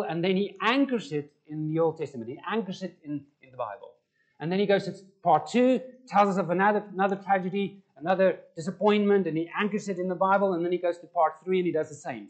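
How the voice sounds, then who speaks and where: A man preaching a conversational sermon and putting questions to the congregation. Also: high-pitched. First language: Afrikaans. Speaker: pastor.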